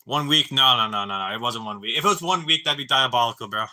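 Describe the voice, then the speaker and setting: A man's voice: mid-range voice, fast talker, bright, forceful tone. A young man telling a long story on a live stream, rambling and swearing, with stammering restarts and constant "dude" and "bro.".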